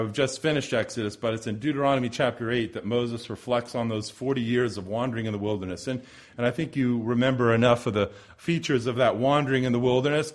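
Man preaching a measured, rhetorical sermon. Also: mid-range voice. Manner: measured, rhetorical, with repeated phrases and swells of emphasis.

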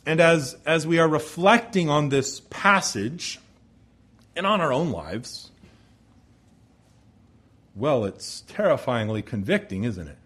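A man preaching a sermon in an earnest way, building to emphatic peaks and then dropping low and quiet. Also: animated, takes it slowly, long pauses, slightly rough. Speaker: pastor.

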